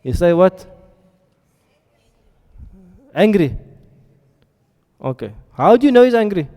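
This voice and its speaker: A man's voice: sits high, sing-song, slow, mellow. A man teaching a classroom lesson, often stopping to ask his students questions and check they are following. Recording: reverberant hall sound.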